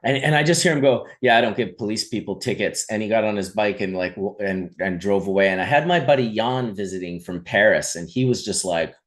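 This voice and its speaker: A man in his forties, the host, telling stories in casual chat, animated and swearing freely. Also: lowish voice, fairly quick, few pauses. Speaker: podcast host.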